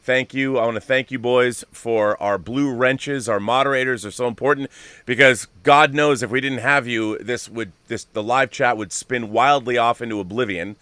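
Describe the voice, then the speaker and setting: A man's voice: mid-range voice, steady tone, normal speed, sharp tone, clean tone, no echo. A man hosting a live-streamed talk show, effusive and thanking his guest, moderators and co-host, with frequent restarts. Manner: effusive, talks with many restarts.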